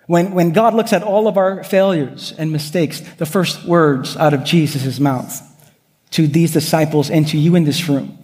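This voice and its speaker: High-voiced male pastor preaching in a reverberant hall. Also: lively intonation, moderate pace. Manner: earnest, builds with repetition, tells personal stories. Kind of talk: sermon. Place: church sanctuary.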